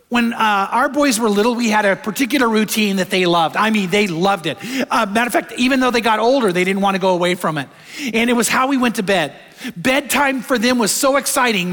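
High-voiced pastor in a reverberant hall. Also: male voice. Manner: conversational, animated storytelling, drops soft for emotional moments. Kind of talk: sermon with personal storytelling.

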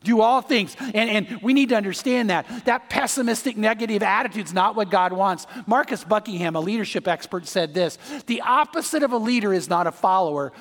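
A man's voice: high voice, fairly quick, few pauses, fairly bright tone. A man preaching a sermon as pastor, emphatic, with repeated words and joking asides. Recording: long hall reverb.

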